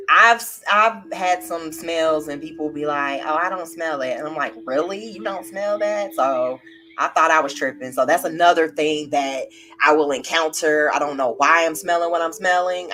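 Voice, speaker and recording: A woman's voice: low voice, bright, forceful tone. A young woman hosting a tarot livestream, talking candidly and emotionally in a rambling way and reading out viewer comments.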